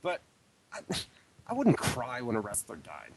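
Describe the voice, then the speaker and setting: A man's voice: medium pitch, wildly swooping pitch, measured pace, creaky, a little mellow, slightly rough. A man co-hosting a live wrestling radio talk show, rambling casually with lots of fillers and repeated phrases. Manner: rambling, repeats himself, frequent fillers and "dude". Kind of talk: casual chat.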